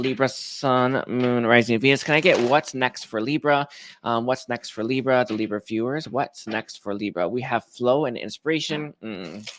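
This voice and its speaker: A man giving a casual tarot reading, rambling and hesitant, with many restarts and soft laughs. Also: mid-range voice, slight background noise. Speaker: tarot reader.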